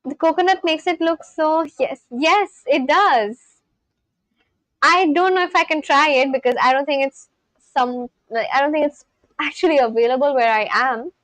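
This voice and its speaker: A young woman from India chatting casually on a livestream, reading out viewers' comments and reacting with gushing excitement. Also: sits high, normal speed, no echo, low-quality recording. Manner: gushing, reads chat aloud and reacts.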